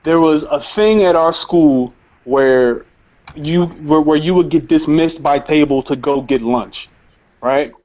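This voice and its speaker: A young man hosts a show and tells a personal story, speaking slowly in a slightly high, somewhat mellow voice. He's casual but heated, swearing and stammering through repeated words, clearly shaken as he talks. The recording is lo-fi and a little muffled.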